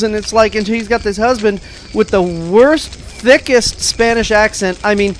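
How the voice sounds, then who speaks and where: A man's voice: sits high, measured pace, low-quality recording. A man co-hosting a radio movie review, rambling through plot points and laughing often. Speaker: radio show co-host. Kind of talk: casual movie review chat.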